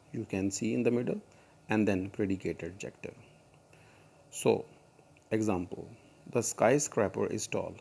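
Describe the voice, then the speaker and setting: A man with a fairly low, gravelly voice teaches grammar to his students. He explains step by step, pausing on fillers and repeating his examples. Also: a little mellow. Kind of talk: recorded grammar lesson.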